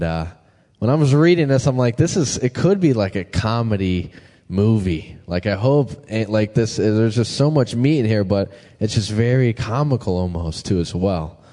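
A man's voice: on the low side, warm tone. A man preaching a casual, conversational sermon and asking his congregation questions. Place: church hall. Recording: long hall reverb.

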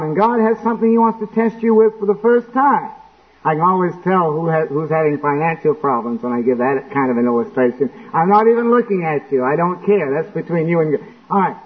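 A man preaching a sermon in church, acting out quotes and breaking into sudden shouts. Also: sits high. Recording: tinny lo-fi phone-like recording.

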